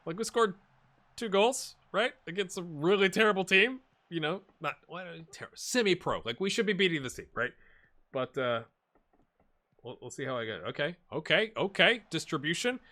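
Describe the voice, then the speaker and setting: Male gaming YouTuber, mid pitch, bright and animated, chatty and rambling, talks over his own game. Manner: chatty, rambling, bursts of excitement at goals. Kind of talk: casual let's-play commentary.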